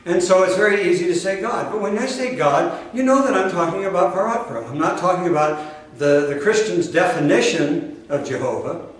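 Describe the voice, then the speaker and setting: A man's voice: high voice, lively intonation, a little fast, hardly any pauses. Echoey, distant male spiritual teacher preaching. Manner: emphatic, repetitive, talks directly to listeners. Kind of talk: sermon to a live audience.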